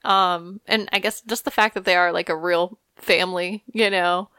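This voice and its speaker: Smooth-voiced chatty young woman. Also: fairly low pitch, fairly even intonation, normal speed, bright, forceful tone, no room sound, studio quality. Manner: chatty, lots of "like" and "I don't know". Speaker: podcast co-host. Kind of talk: casual pop-culture chat.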